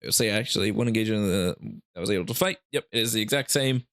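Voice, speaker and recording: Talking fast with a fairly low, fairly bright voice, this man runs a gaming channel and explains game rules casually. His rules breakdown rambles, with hiccups, laughing asides, and lots of restarts.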